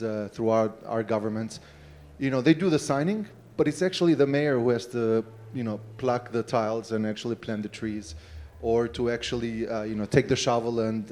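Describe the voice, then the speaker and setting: Mayor on a panel, man, warm mellow tone, relaxed storytelling. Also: medium pitch. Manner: relaxed storytelling, many fillers. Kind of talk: panel speech with anecdote.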